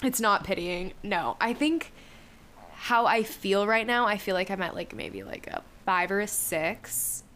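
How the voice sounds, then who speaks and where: A woman's voice: medium pitch, measured pace, fairly bright tone, a little hiss or hum. A young woman co-hosting a podcast, chatting casually and self-deprecatingly with lots of filler words. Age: young adult. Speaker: podcast co-host. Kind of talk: casual chat.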